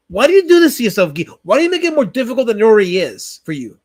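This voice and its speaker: A man's voice: very high-pitched, very animated. A man hosting a livestream in casual banter, ranting in mock outrage and answering the chat. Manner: indignant, mock-outraged rants; fast, restless, talks back to chat. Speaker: livestream host.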